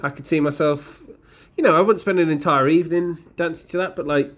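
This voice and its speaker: Here a podcast co-host talks in a fairly high, steady voice at a brisk clip. The conversation is casual and rambling, full of fillers and false starts.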